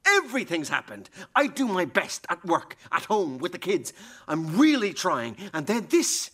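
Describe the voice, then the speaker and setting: An actor playing Leonard, a betrayed husband in a radio play, bitter and sarcastic. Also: male voice, sits high, big pitch swings, moderate pace, fairly bright tone, heavily acted. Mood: furious.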